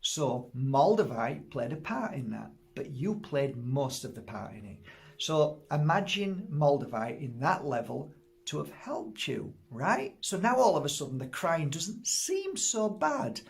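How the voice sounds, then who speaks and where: A man's voice: a little high, sing-song, measured pace, creaky. A man, a crystal healer, giving a casual spiritual teaching talk, speaking straight to the listener and repeating and listing his words.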